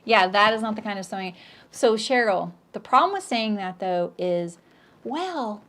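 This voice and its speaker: A middle-aged woman hosts a live sewing stream, chatting and joking with viewers and reading out their comments, often dropping into quiet asides. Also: animated, moderate pace. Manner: chatty and joking, lots of restarts, often drops into a low aside. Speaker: sewing pattern designer hosting a live stream.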